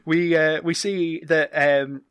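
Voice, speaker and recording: Male podcast host, slightly higher voice, casual, laughs a lot. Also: flat delivery, takes it slowly, fairly bright tone, smooth, dry recording. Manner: chatty, laughs often, recaps scenes. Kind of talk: casual film recap chat.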